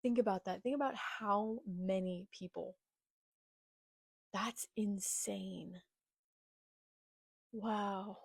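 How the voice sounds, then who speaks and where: Slow-talking woman with a gravelly edge. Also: mid-range voice, dry recording, clean studio sound. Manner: excitable, with gasps and whispered asides. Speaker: manga reaction reader. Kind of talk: live manga read-along with reactions.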